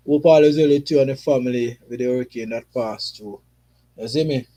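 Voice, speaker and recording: A man's voice: medium pitch, brisk, warm tone. A Jamaican man hosting a casual football livestream and chatting with viewers, mixing patois with English. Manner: patois mixed with English, frequent "you see me" tags. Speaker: football streamer. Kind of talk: casual livestream chat reading viewer comments.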